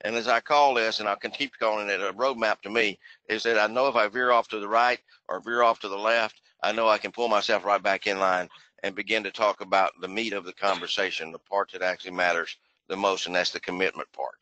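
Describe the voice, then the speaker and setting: A man's voice: lowish voice, fairly even intonation, a little fast, sharp tone, no room sound, highs cut off. A man coaching a sales team on a group call, talking earnestly and correcting himself as he goes. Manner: earnest, rambling, self-correcting. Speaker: sales trainer.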